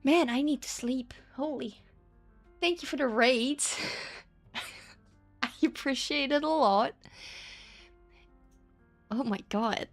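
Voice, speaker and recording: Chatty woman with a higher voice. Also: slow pace, pauses often, soft background music. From Netherlands. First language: Dutch. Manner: chatty, self-deprecating, laughs often. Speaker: streamer. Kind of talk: casual live-stream chat.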